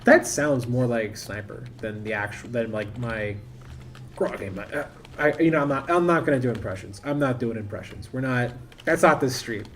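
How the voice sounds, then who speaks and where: Man, game streamer, casual rambling commentary, thinks aloud, middle pitch, faint keyboard typing. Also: normal speed, a bit bright, a little hiss or hum.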